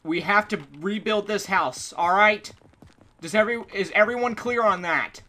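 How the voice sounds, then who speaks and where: A woman giving let's play commentary, exasperated, swearing often, yelling in bursts and then muttering to herself. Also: mid-range voice, moderate pace. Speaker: gaming commentator.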